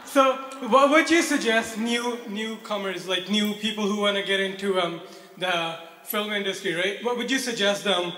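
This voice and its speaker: A man's voice: sits high, moderate pace, bright, forceful tone. A man in the audience asking a question hesitantly, with many fillers and restarts. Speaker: audience member. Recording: far off-mic in an echoey hall.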